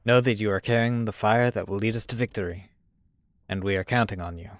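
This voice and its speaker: Stern army officer, put-on accent, grave briefing, man voicing him, low voice. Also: fairly quick, no room sound, studio quality, lightly acted.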